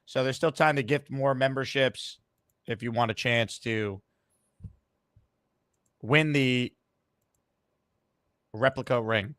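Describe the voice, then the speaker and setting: Male show host, mid-pitched and dry, brisk and upbeat. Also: fairly bright tone, no room sound. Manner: quick, upbeat, repeats words. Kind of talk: call-in sports show.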